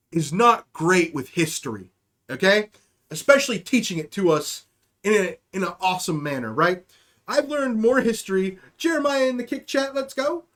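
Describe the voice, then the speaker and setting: With a high-sitting, fairly bright voice, a young man hosting a livestream chats casually through a long, meandering story. He swears along the way and keeps checking in with "okay?".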